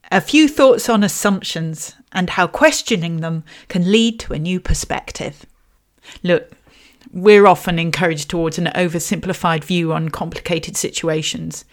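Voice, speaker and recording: A woman hosting a podcast, giving calm, thoughtful closing reflections. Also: fairly low pitch. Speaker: podcast host.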